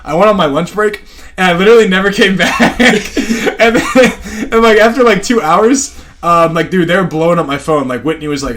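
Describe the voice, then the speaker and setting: Young male podcast co-host, light high voice, rambling storyteller who swears and laughs a lot. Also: moderate pace, a bit bright. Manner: rambling, lots of fillers and profanity, laughs while telling stories. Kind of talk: casual storytelling chat.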